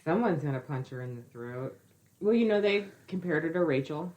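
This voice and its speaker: Low female co-host, blunt and exasperated, casual and unpolished. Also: lively intonation, a little fast, darkish tone, highs cut off. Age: adult with a school-age child. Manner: blunt, exasperated, swears freely. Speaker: podcast co-host. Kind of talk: casual chat.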